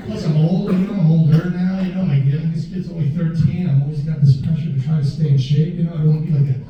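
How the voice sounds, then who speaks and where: A man's voice: fairly high pitch, steady tone, fast. A middle-aged man doing a stand-up comedy set with a brash, chatty, punchy delivery full of asides, recorded live in a comedy club from a distance. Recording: live club recording from far off, echoey, dull, with a loud crowd. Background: audience laughter.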